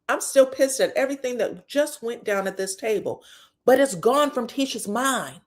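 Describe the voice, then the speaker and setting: Woman host, sassy and profane recap talk, slightly high voice. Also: normal speed. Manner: animated, profane, sassy storytelling with laughter. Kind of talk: casual commentary recap.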